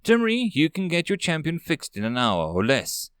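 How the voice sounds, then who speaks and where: Voicing a harsh, authoritative woman marshal who barks rapid orders, a man gives his pitch a lively swing. His tone is clear and resonant, recorded close and dry.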